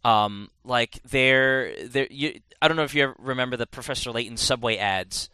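A man's voice: mid-range voice, moderate pace, bright, forceful tone, clean tone, no room sound. A man in casual podcast chat, rambling and correcting himself as he reviews a game. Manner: rambling, self-correcting, chatty.

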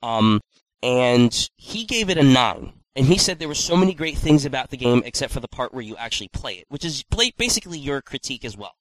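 Guy chatting on a call podcast, mid pitch, dry sound, lots of acted-out quotes. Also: a little fast, no room sound, rough recording. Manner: animated, swearing, acts out quotes in exaggerated voices. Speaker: podcast co-host. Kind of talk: casual chat.

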